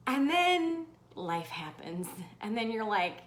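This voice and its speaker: Bubbly high-voiced woman streaming live. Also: a little slow, few pauses. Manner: bubbly, animated, laughs often, swears casually. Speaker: host. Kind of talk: livestream motivational talk.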